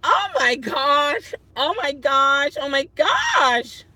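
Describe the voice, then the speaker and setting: High, bright-voiced woman chatting on a livestream. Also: wildly swooping pitch, extremely slow, no room sound. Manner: flustered, exclaiming and laughing at herself. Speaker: rideshare driver livestreaming. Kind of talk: casual livestream chat. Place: parked car at night. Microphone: phone.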